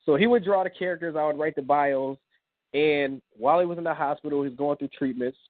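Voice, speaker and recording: Man, 30s, slightly high voice, lively storyteller, phone-line sound, dry. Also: fast talker, dry recording. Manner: animated, recounts with quoted dialogue. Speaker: guest, comic book creator. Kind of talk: casual storytelling on a radio interview.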